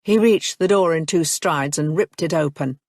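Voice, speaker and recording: A woman narrating an audiobook in a measured, even reading. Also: low voice, no echo, studio quality. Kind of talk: scripted narration.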